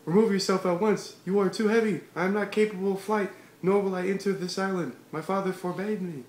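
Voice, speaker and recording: A man's voice: high-pitched, fairly even intonation, a little fast, darkish tone, voice pushed up, lightly acted. A man voicing a haughty eight-year-old samurai boy who talks in stiff, formal phrases. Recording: echoey room with background noise.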